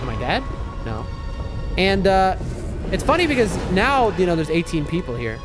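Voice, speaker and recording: A man's voice: sits high, sing-song, moderate pace. A man streaming a game live, chatting casually, reacting to the action and answering his chat. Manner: chatty, reacts to gameplay and reads chat aloud. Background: loud game music.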